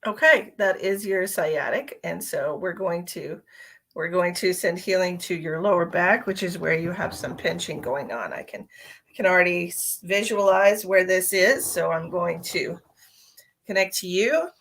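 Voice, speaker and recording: A woman's voice: on the low side, measured pace, a bit bright. A woman who works as a psychic medium, chatting casually with viewers on her live stream. She is playful, laughs often and calls people sweetheart and honey.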